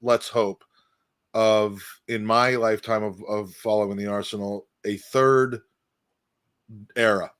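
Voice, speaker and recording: A man's voice: lowish voice, fairly even intonation, a little slow, long pauses, fairly bright tone, clear, resonant tone, dry recording, clean studio sound. A man hosting a football podcast, musing in a rambling, thoughtful way with frequent restarts. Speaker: podcast host. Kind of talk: casual football chat.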